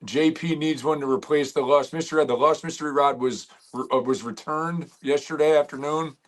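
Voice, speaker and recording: A man's voice: a little high, fairly even intonation, brisk. A man co-hosting a fishing livestream in easy, casual chat. He needles his friends and tells stories with a grin in his voice. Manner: teasing, storytelling. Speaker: co-host. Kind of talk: casual live-stream chat.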